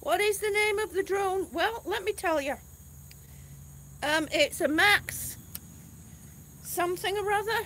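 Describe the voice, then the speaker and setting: A woman's voice: extremely high pitch, unhurried, pauses often, a bit bright, a little hiss or hum. A middle-aged woman vlogging outdoors in casual live-stream chat, chatty and a little exasperated, with sighs. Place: outdoors on grass. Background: crickets and passing cars.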